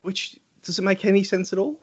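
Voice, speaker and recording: A man's voice: high-pitched, moderate pace, slightly rough. A man co-hosting a podcast, chatting about a film in a rambling, hesitant way and laughing often. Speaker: podcast co-host. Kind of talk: casual film-review chat. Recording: dull lo-fi podcast audio.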